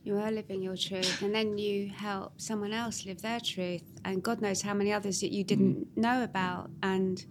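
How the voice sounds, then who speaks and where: A woman hosts a podcast and closes the conversation with effusive, measured praise for her guest. Her voice sits at a middle pitch, and faint noise hums in the background. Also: little pitch movement. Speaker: podcast host. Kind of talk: podcast interview, closing remarks.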